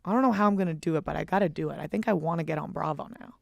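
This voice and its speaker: A young woman hosts a casual podcast with a low, fry-laden voice. She tells stories in an animated rush, full of swearing. The sound is dry and close. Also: rapid-fire, no echo. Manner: animated, profane storytelling. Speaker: podcast host. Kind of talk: casual chat.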